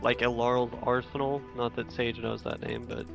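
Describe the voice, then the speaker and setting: Gravelly male tabletop player. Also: mid-range voice, little pitch movement, moderate pace, over music. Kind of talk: casual game chat.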